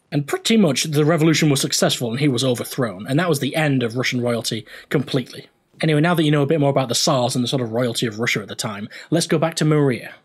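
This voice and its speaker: A man's voice: on the high side, husky. A young man hosting a gaming video, explaining history casually with jokey, rambling asides.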